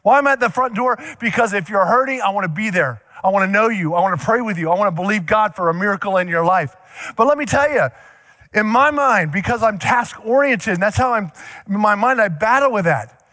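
High, bright-voiced preaching pastor. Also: male voice, a little fast, no room sound, studio quality. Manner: animated preaching, acting out scenes. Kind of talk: sermon.

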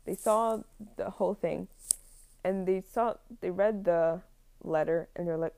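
A woman's voice: fairly low pitch, a little slow, dark tone. A young woman casually retelling a film plot, rambling with many fillers and frequent laughs.

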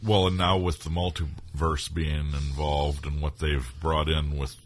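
Super deep husky guy on a podcast, blunt and dry, close dry mic. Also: flat delivery, unhurried, dry recording. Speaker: podcast co-host. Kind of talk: casual chat.

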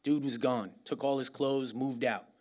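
A middle-aged man from New York City preaching a sermon as pastor, in a lively, conversational way full of slang and asides. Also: medium pitch, moderate pace.

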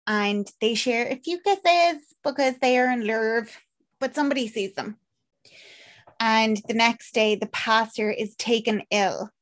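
A woman's voice: on the high side, a little slow. A woman with an Irish accent chatting casually as a podcast co-host, rambling with lots of fillers and acted-out quotes. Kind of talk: casual chat recapping a film.

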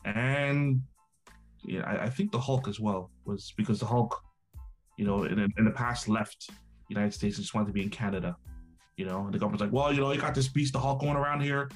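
A man in a casual podcast chat, halting and repeating words as he explains. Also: fairly low pitch, soft background music. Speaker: podcast guest.

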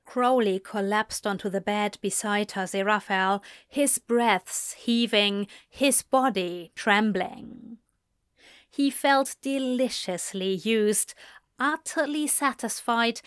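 A woman narrating a story in a slow, measured reading voice. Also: medium pitch, fairly bright tone, clean tone, dry recording, studio quality. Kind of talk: scripted narration of fan fiction.

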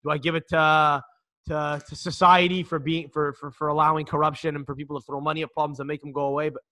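Bright-voiced, rambling podcast guy. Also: fairly high pitch, little pitch movement, fast. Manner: rambling, with lots of restarts and swearing. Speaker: podcast co-host. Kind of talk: casual sports podcast chat.

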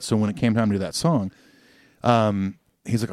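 A man's voice: on the low side, fairly quick, a little mellow, no echo, studio quality. A man who is a guest musician, reflectively telling stories in a casual podcast chat. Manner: reflective storytelling, hesitant.

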